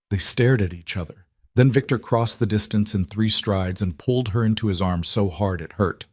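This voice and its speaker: A man with a fairly low voice reads a dark crime story aloud, tense and dramatic. His voice sounds dry and close, with no room around it. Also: dry recording. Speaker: narrator. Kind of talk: scripted audiobook narration.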